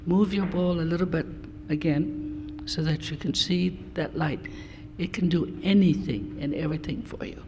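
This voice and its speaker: A man guides his listeners through a gentle story, his voice a little high and coaxing. The room adds a long reverb, with a faint hiss of noise underneath. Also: normal speed.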